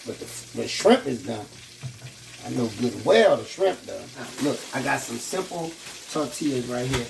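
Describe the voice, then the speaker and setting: Gravelly folksy man cooking on camera. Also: medium pitch, lively intonation, moderate pace, slight background noise, low-quality recording. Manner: folksy, chatty, talks to viewers, says "boy" a lot. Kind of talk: casual cooking demonstration. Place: kitchen with frying food. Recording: clear frying sizzle behind the voice. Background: sizzling frying food.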